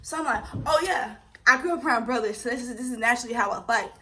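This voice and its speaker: A young woman vlogger telling a personal story in a casual, animated and profane way, acting out scenes as she goes. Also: a little high, quick pace, a little hiss or hum.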